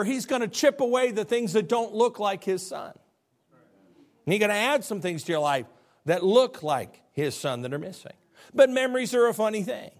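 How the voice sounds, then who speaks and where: A middle-aged male pastor delivering a lively sermon. His voice sits high and leaps between low, hushed stretches and excited peaks. He slips into quick acted bits of biblical figures as he preaches.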